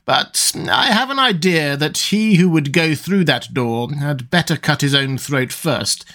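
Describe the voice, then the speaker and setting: A man voicing a cunning, calm older priest, speaking in a measured, slow way. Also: on the high side, full character voice. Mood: sly. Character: cunning older male priest, cool and sly. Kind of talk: audiobook character reading.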